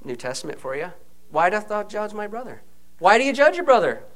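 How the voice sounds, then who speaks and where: A man preaching a conversational sermon, animated, often checking in with his listeners by asking "okay?". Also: sits high, fairly quick. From United States.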